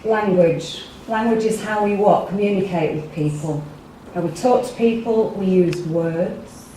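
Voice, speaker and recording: A woman's voice: mid-range voice, unhurried, mellow, slight background noise. English woman leading a group workshop. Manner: chatty, asks the audience questions. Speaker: workshop speaker. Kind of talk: interactive talk to a small group. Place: meeting room with a live audience. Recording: echoey room, mic far off.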